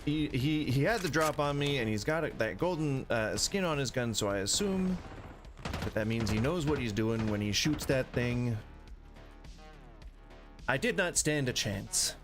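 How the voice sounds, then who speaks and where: A man's voice: mid-range voice, expressive, measured pace, music in the background. A man streaming a shooter game, chatting casually and rambling in a jokey, self-interrupting way. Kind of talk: casual gameplay commentary.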